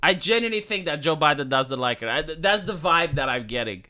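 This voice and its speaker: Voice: mid-range voice, expressive, brisk, pushed and bright. A streamer from Romania, giving rambling, sarcastic commentary with lots of fillers. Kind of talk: casual commentary vlog.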